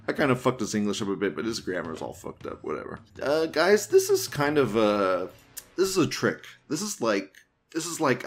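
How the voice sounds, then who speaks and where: Host, male, lower register, casual and crude, mocking delivery, faint music bed. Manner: crude, mocking, laughs often. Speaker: host of a news commentary show. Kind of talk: casual commentary reading comments.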